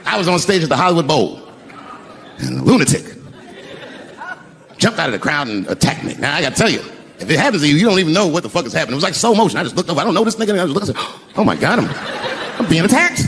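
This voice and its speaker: A man telling a profane stand-up story on stage, breaking into shouted impressions. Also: fairly high pitch, big pitch swings, rapid-fire, long pauses. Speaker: stand-up comedian. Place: comedy stage before a live audience. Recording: live show with crowd laughter and noise.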